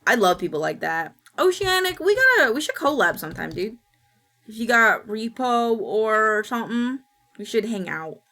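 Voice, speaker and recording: A woman's voice: mid-range voice, expressive, normal speed, a bit bright. A woman streamer chatting casually with her viewers, telling rambling stories and swearing casually. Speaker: Twitch streamer.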